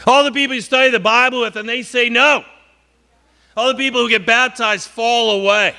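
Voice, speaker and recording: A man's voice: very high-pitched, fairly even intonation, normal speed, gravelly, pushed and bright. A man from northern Wisconsin preaching a sermon in an earnest, conversational way, often repeating words and slipping in joking asides.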